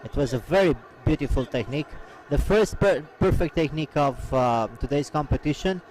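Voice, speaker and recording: A man commenting live on a combat sports event, with a halting delivery full of "uh" fillers. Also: fairly high pitch, a little mellow, poor audio.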